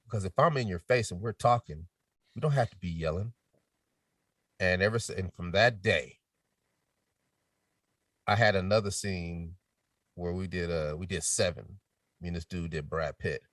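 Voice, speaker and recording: Lively, low-voiced man telling stories. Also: moderate pace, pauses often, dry recording, studio quality, far from the mic. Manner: animated storytelling with quoted voices, drops to a near whisper to demonstrate. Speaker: podcast guest. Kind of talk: casual chat.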